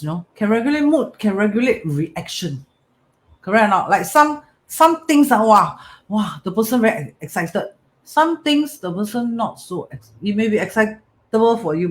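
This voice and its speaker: With a high voice and a Singaporean English accent, a metaphysics teacher delivers a motivational talk. He repeats phrases and keeps asking his listeners "right?" and "correct?".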